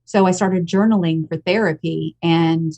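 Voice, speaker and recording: A woman's voice: on the low side, fairly even intonation, normal speed, mellow, muffled recording. An American woman in her fifties, a podcast guest telling her own story in a frank, emotional and blunt way. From United States. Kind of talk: candid personal storytelling.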